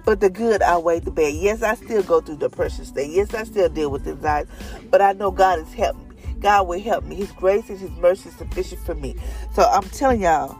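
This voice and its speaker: A woman's voice: fairly low pitch, brisk, a little mellow, faint music behind. A woman leading a devotional, sharing a personal testimony in an earnest, conversational, prayerful way. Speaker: devotional leader.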